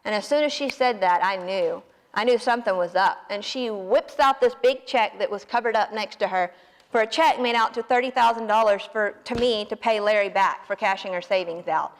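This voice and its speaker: A woman in her late twenties with a Southern American accent, telling a personal story in a folksy, animated way. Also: mid-range voice, fairly quick, big-room sound. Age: 20s. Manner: folksy, animated, self-deprecating. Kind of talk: personal story told to an audience.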